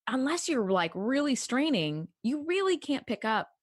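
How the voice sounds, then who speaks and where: A woman co-hosting a podcast in casual chat, expressive and playfully exasperated. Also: high-pitched, normal speed, dry recording, studio quality. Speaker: podcast co-host.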